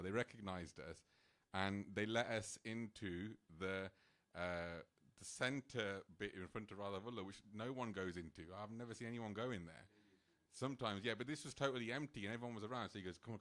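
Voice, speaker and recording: A man, speaking at a temple program and telling a personal story in an animated, casual way, full of "like" fillers and little laughs. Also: fairly low pitch, fairly quick.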